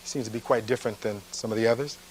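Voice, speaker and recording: A defense attorney giving a closing argument in a courtroom, reading witness testimony aloud and following it with pointed rhetorical questions. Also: male voice, on the low side, steady tone, rapid-fire, slight background noise, low-quality recording.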